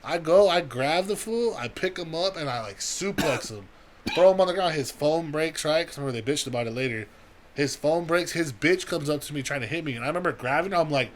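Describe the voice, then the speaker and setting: A man's voice: a little high, a little fast. A young man on a podcast telling a long, profane story and acting out everyone's lines. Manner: profane, animated storytelling with acted-out quotes. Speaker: podcast co-host. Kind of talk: casual storytelling.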